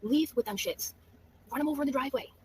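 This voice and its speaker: A woman talks quickly and scornfully, tossing out profane jabs with a mocking, falsely sympathetic edge. Her commentary has the loose, off-the-cuff feel of a live stream. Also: sits high, noisy background. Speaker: YouTube streamer.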